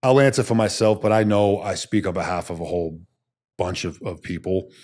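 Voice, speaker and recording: Blunt, low-voiced man telling war stories. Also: fairly quick, a little mellow. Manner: blunt, emphatic, swears casually. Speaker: guest, former special forces soldier. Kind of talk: storytelling in a podcast interview.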